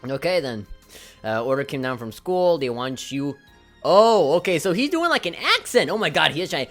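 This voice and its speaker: A man's voice: on the high side, big pitch swings, moderate pace, fairly bright tone, soft background music. A man commentating a video game as its host and reading its text aloud, breaking into giggly, apologetic laughing fits. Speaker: let's play host.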